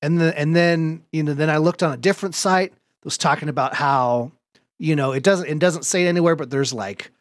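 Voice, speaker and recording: A man hosting a podcast, telling a story in lively casual chat, laughing often and swearing now and then. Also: a little high, brisk, no room sound. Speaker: podcast host.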